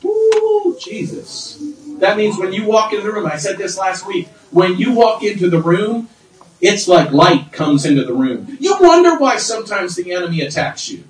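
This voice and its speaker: A middle-aged man preaching a sermon, swinging between low asides and loud, high exclamations. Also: expressive, moderate pace. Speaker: pastor. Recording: roomy sound from far off.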